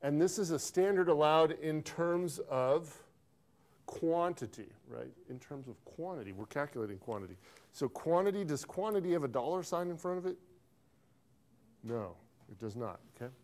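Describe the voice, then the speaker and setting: A man teaching an accounting class, lively, quizzing students and repeating key phrases, recorded in a classroom. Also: fairly high pitch, normal speed. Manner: animated, asks the class questions and drills a phrase. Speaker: accounting instructor. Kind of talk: classroom lecture. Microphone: filmed by a videographer in class.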